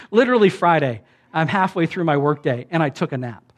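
A man preaching in an easygoing, conversational way, like he's talking to friends. His voice sits a bit high for a man, and he breaks into exaggerated voices when quoting others. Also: expressive, fairly quick. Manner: conversational, acts out quoted voices with big pitch jumps. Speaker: pastor. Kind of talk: sermon.

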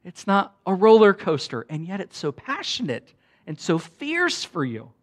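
A man's voice: high voice, huge pitch swings, measured pace. Passionate male pastor preaching. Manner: passionate, swings from soft to loud; conversational with fillers and repeats. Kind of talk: sermon.

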